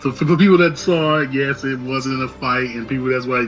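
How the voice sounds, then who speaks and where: A man recaps a film in loose, slangy chat, jumping into the characters' lines as he goes. His voice sits at an ordinary middle pitch. Faint music plays quietly behind him. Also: brisk, muffled recording. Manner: loose slangy storytelling, acts out quotes. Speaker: movie reaction co-host. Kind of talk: casual movie recap chat.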